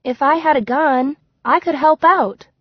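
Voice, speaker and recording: Man doing a high, pushy young girl, audiobook voice, dull dry sound. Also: measured pace, dry recording. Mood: pleading. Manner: insistent, wheedling. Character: pert, eager young girl. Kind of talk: audiobook character voice. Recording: slightly dull, dry recording.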